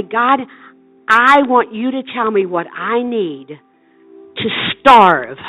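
A woman's voice: on the high side, narrow, tinny audio. An older woman evangelist preaching a sermon with passion, building into rhythmic repeated calls. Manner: impassioned preaching, rising into rhythmic shouted repetition.

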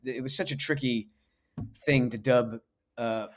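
A man in his forties from the United States, a voice actor telling stories in a casual interview, laid-back and halting, self-deprecating. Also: medium pitch, fairly even intonation, a bit bright. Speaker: voice actor guest.

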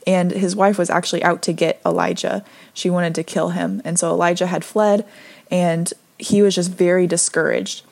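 A woman giving a conversational devotional talk, earnest and gently encouraging, reading scripture aloud between her own thoughts. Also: on the low side, creaky. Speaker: devotional speaker.

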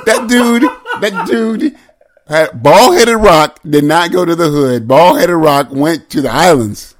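A man's voice: on the high side, slow, a little hiss or hum. A man co-hosting a podcast in casual banter, joking around and playing up silly bits. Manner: joking, animated, tries silly accent impressions. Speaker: co-host.

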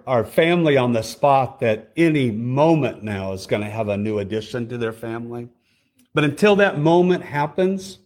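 A middle-aged male preacher with a slightly raised pitch, telling stories and putting questions to the congregation. He talks the way a pastor does from the pulpit of a church sanctuary. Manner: storytelling, addresses congregation directly with questions. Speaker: district superintendent preaching. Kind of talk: sermon.

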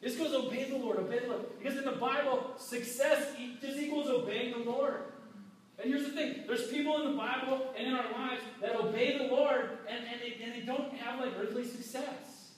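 High-voiced pastor in an echoey hall. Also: male voice, normal speed. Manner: casual, animated preaching with quoted voices and restarts. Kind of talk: sermon. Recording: very echoey hall, mic far off.

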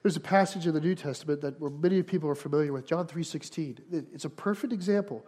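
A man preaching a sermon as pastor, earnest and repeating phrases for emphasis, rising to louder passages and falling quiet for prayer. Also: a little high, fast, few pauses.

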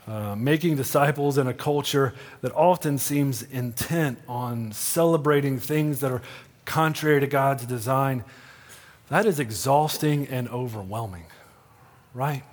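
A middle-aged man preaching a sermon in a church. He talks in an earnest, conversational way, often asking "right?", and drops to a soft, hushed voice for quoted promises. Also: medium pitch, unhurried, big-room sound. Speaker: pastor. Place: church sanctuary.

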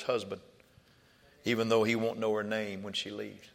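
A middle-aged man, a pastor, preaching a sermon with call-and-response, surging loud and then dropping soft. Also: fairly low pitch, flat delivery, normal speed, gravelly, long pauses.

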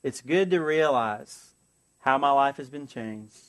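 A man preaching a sermon as pastor, earnest, asking the congregation for an amen and slowing down to read scripture. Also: medium pitch, lively intonation, fairly bright tone. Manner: earnest, call-and-response asides, slows for scripture.

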